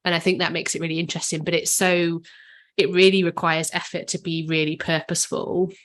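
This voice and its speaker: Woman co-host, low-pitched, even delivery, chatty and tentative. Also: brisk. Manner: hedging, thinking aloud with many "sort of"s. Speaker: podcast co-host. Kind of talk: casual discussion.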